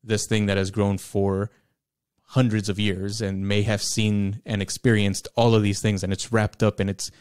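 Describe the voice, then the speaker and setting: A man's voice: lowish voice, level tone, moderate pace, darkish tone, smooth, dry recording, studio quality. A man co-hosting a casual book podcast, rambling and searching for his words. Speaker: podcast co-host.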